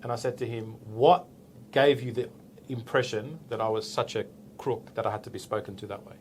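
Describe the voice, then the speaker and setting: A man's voice: mid-range voice, brisk, slight background noise. A man in his forties with an Australian accent, a police officer being interviewed, telling a story casually and acting out the dialogue. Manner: animated, acts out the dialogue, tags with "right?".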